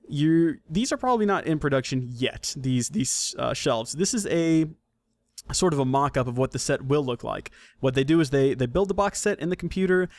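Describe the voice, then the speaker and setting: A man's voice: fairly high pitch, no echo. Rambling man hosting a dry-sounding podcast. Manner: rambling, self-correcting, joking. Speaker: podcast host. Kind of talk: casual solo podcast commentary.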